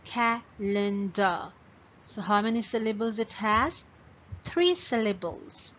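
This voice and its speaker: A woman teaching young pupils at an unhurried, deliberate pace, drawing each word out into its syllables. Her voice sits at an ordinary pitch. The recording is dull and lo-fi, with a faint hum of ambience behind her. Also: animated, fairly bright tone. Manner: slow, patient, stretches words syllable by syllable. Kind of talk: online class lesson for young pupils.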